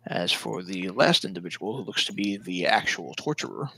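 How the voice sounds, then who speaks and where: A man's voice: low voice, expressive, moderate pace, creaky, pushed and bright, slightly rough, low-quality recording. A man narrating a tabletop role-playing game as dungeon master, describing scenes and calling turns.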